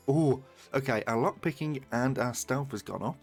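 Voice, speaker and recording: A man's voice: medium pitch, normal speed, creaky, soft background music. A British man streaming a game, chatting casually, swearing and bantering with his chat. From Britain.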